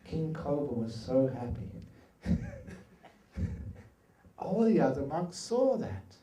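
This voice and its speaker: A middle-aged man giving a dharma talk at a meditation retreat, telling animated and humorous stories. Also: on the high side, measured pace. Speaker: meditation teacher. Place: retreat hall. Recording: echoey hall, from far off.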